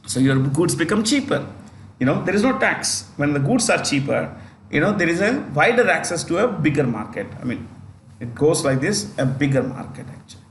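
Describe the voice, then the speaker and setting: A man's voice: a little high, very animated, brisk. A man with an Indian English accent giving an exam-prep current affairs lecture, repeating phrases and checking in with his students. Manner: repetitive, restarts phrases, checks in with "got it?". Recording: echoey room with faint noise.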